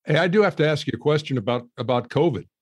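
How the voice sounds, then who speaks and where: A man co-hosting a podcast, asking questions in a halting, casual way. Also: on the high side, expressive, slightly rough, no echo, studio quality. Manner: halting, laughs along. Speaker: podcast co-host. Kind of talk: casual interview chat.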